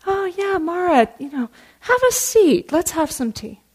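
A woman voicing the Buddha as a serene, gentle, welcoming man in a storytelling dharma talk. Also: high-pitched, normal speed, pitched above the performer's own voice, close to an everyday voice. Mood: kindly. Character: serene gentle male Buddha, warm host.

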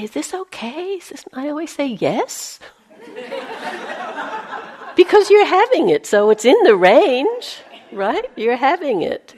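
A woman's voice: a little high, a little mellow. A woman meditation teacher giving a dharma talk, conversational, with playful self-mocking asides and dips into a near-whisper. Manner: drops to a near-whisper for inner thoughts.

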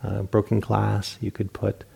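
A middle-aged man teaching meditation in a relaxed dharma talk, poking fun at himself and acting out his own inner voices. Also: on the low side, measured pace, vocal fry, breathy edge. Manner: relaxed, self-mocking, acts out inner voices.

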